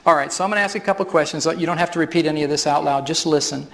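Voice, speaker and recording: A man's voice: a little high, rapid-fire, gravelly, a bit bright. Man presenting in a reverberant hall. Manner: explanatory, chuckles often. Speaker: workshop presenter. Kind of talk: live stage demonstration. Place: large hall with audience.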